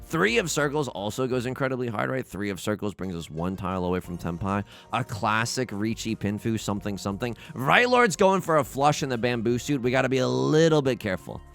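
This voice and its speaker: A man's voice: mid-range voice, animated, fairly quick, vocal fry, few pauses, a bit bright. A young man hosting a let's play, rambling through stories and game commentary with lots of restarts and laughs. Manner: rambling storyteller, self-interrupting, laughs at his own stories. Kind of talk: casual gameplay commentary. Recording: faint music behind.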